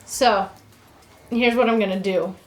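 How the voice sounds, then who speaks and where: A woman is playing a tabletop game and narrating her turn, spelling out the rules as she counts pieces aloud. Her pitch sits in a middle range. The room around her is echoey. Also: steady tone, measured pace, a little hiss or hum. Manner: explains rules while counting out moves. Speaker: board game player. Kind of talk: casual tabletop gameplay talk.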